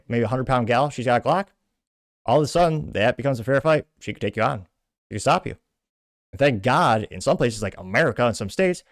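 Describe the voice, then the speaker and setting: A man's voice: mid-range voice, dry recording, studio quality. A man from Texas, ranting through indignant political commentary as host.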